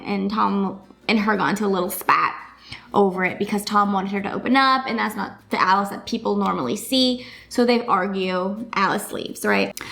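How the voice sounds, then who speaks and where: A woman's voice: mid-range voice, fairly bright tone. A woman chatting casually through a TV episode recap, her talk full of "like" and "you know" fillers. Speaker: vlogger reviewing a TV episode.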